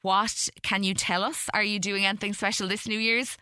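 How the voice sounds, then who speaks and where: Bubbly woman host, bright voice. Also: mid-range voice, flat delivery, normal speed, clean tone, no echo, studio quality. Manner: bubbly, jokey. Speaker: radio host, interviewer. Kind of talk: casual interview chat.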